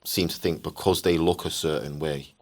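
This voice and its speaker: A man with a very deep voice, chatting in a group podcast. He speaks in a low-key, reflective way, keeping his tone level and unhurried. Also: fairly even intonation. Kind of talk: casual group chat.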